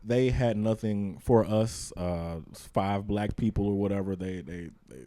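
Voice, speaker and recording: A man with a low, warm voice tells a story in loose, casual podcast chat. He swears freely and acts out the people in his tale as he goes. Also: a little slow. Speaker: podcast host.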